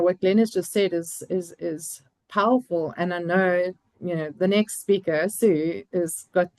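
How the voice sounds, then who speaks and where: A woman hosting an online event, introducing the next speaker in a halting way with many restarts. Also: fairly low pitch, darkish tone, no echo, poor audio. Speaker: event host.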